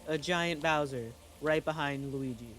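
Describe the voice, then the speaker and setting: A man casually telling a spooky story in an excitable, halting way, full of restarts and exclamations. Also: on the high side, over loud music. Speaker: channel host.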